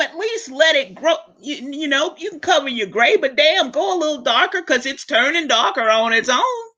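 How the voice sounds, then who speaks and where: A woman delivers a profane, blunt monologue as the host of her own show. Her voice is forceful and bright, with sudden leaps in pitch. The recording sounds dull and lo-fi. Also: moderate pace, hardly any pauses. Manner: blunt, swearing freely, animated swings in pitch.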